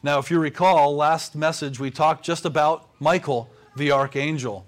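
A man, a pastor, preaching a sermon with measured pauses. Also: on the high side, fairly even intonation.

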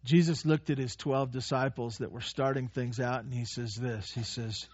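A man preaching a sermon as a pastor, telling stories and growing animated when he quotes. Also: medium pitch, moderate pace, husky, dry recording. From United States. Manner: storytelling, animated when quoting. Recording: dull lo-fi dry sound.

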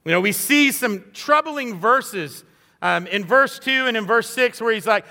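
A man's voice: high-pitched, lively intonation, moderate pace, sharp tone, long reverb tail. A man preaching a sermon in an earnest, conversational way, acting out little quoted voices as he goes. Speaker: pastor.

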